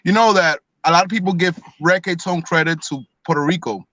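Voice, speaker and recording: A man's voice: fairly high pitch, brisk, sharp tone, no room sound. A man from Colombia, co-hosting a casual sports talk show, explaining history in a chatty, rambling way. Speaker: podcast co-host.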